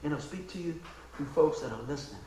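A man preaching in a folksy, emotional storytelling style, dropping to a hush and then rising to exclaim. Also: on the high side, animated, fast, reverberant, a little hiss or hum, rough recording. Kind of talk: storytelling sermon.

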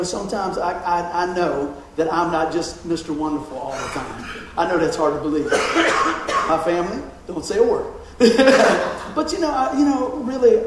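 A man's voice: high-pitched, noisy background. A man giving a casual sermon, chatty, laughing often and repeating his words. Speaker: pastor. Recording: echoey room, mic far off.

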